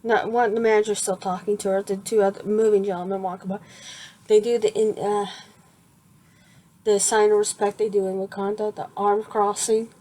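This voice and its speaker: A woman narrating an improvised fan story, halting often and restarting her sentences. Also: medium pitch, level tone, dark tone. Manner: halting, with many fillers and restarts.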